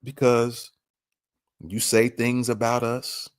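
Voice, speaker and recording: A man's voice: mid-range voice, completely flat delivery, slow, clear, resonant tone, no echo. A man hosting a podcast, commenting on a clip with emphatic, repeated rhetorical questions. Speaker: podcast host.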